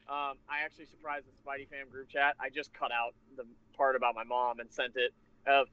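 A man casually telling a rambling, animated convention story with laughs and restarts. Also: medium pitch, fairly quick, clear, resonant tone. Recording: lo-fi muffled recording.

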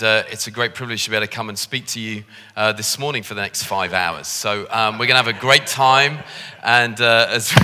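Jokey Liverpool preacher in a reverberant hall. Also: male voice, mid-range voice, pushed and bright. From Liverpool, England. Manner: jokey, self-deprecating, conversational. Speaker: visiting preacher. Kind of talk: sermon. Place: church hall. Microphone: handheld microphone.

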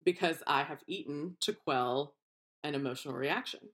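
Lower-pitched woman co-host, chatty and animated, acts out voices. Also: moderate pace. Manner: animated storyteller, acts out quoted voices, laughs often. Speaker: podcast co-host. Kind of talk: casual chat.

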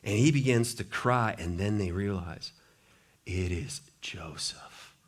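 A man pastor preaching a sermon, reading scripture aloud with dramatic swings between hushed, low passages and loud, raised ones. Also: takes it slowly.

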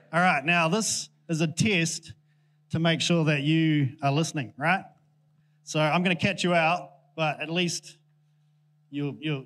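Guy preaching in church, kinda high voice, jokey and rambly, lots of ums. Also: fairly bright tone. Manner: chatty, self-deprecating, many fillers. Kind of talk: casual, joking sermon. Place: church in front of a congregation.

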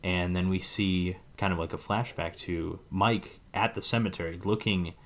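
A man's voice: low-pitched, steady tone, normal speed, fairly bright tone. A man co-hosting a podcast, casually recapping a film's plot in a rambling way, hedging often. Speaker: podcast co-host. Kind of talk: casual movie recap chat.

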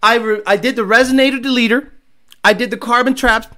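A man's voice: very high voice, steady tone, a little fast, sharp tone. A man who owns a car tuning shop, ranting bluntly and with profanity while hosting a live show. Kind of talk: casual ranting livestream.

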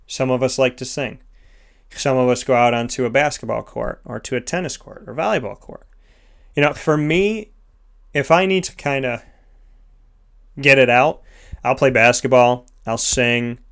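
A man's voice: medium pitch, clean tone. Earnest man giving motivational talk. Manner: earnest, repetitive, emphatic lists. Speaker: host of a sponsored motivational segment. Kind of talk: motivational self-help talk.

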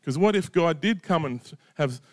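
A man's voice: fairly high pitch, animated, normal speed, dry recording, clean studio sound. A middle-aged man preaching a sermon in a conversational way, often checking in with "right?" and "you know". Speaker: pastor.

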